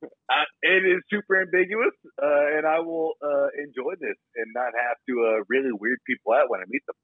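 A man playing a gruff, laughing quiz contestant with a put-on foreign accent in a comedy sketch. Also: on the high side, brisk, no echo, natural voice. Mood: giggly. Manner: gruff, laughing, swearing banter. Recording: dry tinny phone-like sound.

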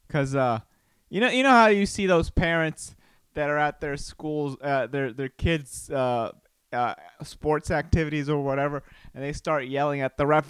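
Playful rambling man, smooth dry voice. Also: on the high side, no echo. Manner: rambling, playful, does silly voices and quick exclamations. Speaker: podcast host, comedian. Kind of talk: casual solo podcast musing. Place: home room. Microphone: studio microphone.

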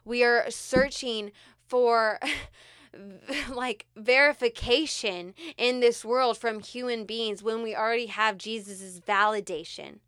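A woman co-hosting a podcast, leading a guided prayer meditation in a soft-spoken, earnest way. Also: on the high side, slow, clear, resonant tone, no echo, studio quality. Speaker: podcast co-host.

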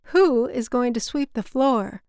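A woman's voice: fairly high pitch, expressive, a little slow, darkish tone, clean tone, no echo, clean studio sound. A woman putting on the voice of her bossy, theatrical older mother who curses freely. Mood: scolding. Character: blunt, dramatic older mother leaving town.

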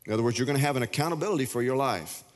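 A man's voice: mid-range voice, racing. A man preaching a sermon as pastor, plain-spoken and folksy with joking asides. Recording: long reverb of a big hall.

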